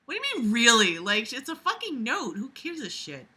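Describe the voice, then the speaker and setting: Woman, sarcastic reader, comedic reading with commentary, swearing, very bright sharp tone. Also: fairly high pitch, wildly swooping pitch, moderate pace, slightly rough. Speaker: reader mocking a story.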